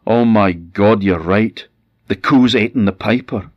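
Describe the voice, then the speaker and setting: A man's voice: sits low, big pitch swings, measured pace, slightly rough, dry recording, full character voice. Old Scottish farmer, anxious, emphatic, a man voicing him, dull recording. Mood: alarmed. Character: worried old farmer, anxious then agreeable.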